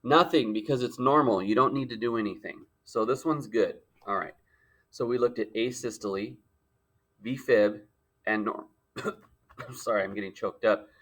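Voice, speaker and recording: A man's voice: medium pitch, normal speed. A male teacher giving a playful lecture with frequent joking asides. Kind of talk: jokey classroom lecture.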